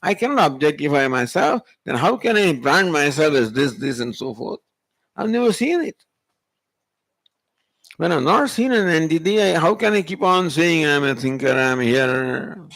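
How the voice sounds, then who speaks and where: A man's voice: fairly high pitch, sing-song, normal speed, gravelly, fairly bright tone, dry recording. A male spiritual teacher, giving a Vedanta discourse and pressing the listener with rhetorical questions. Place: retreat hall.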